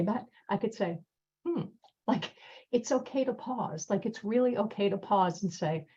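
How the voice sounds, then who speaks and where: A woman giving a webinar talk on listening skills over a video call, lively and quick to laugh as she acts out example lines. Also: mid-range voice, breathy edge. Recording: muffled video call audio.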